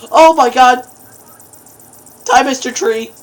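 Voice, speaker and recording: A woman's voice: high voice, slow. A woman doing horror game commentary, jumpy, breaking into screams and laughs at the scares. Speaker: gaming video host.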